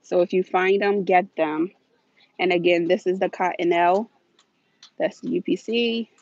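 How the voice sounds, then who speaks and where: A woman's voice: on the low side, fairly even intonation, moderate pace, a little mellow, dry recording. Chatty woman on a dull phone mic. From United States. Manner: chatty, scattered, laughs often. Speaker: shopping vlogger. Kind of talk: casual live-stream shopping chat. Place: inside a large store. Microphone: phone held while walking. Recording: dull, dry phone audio.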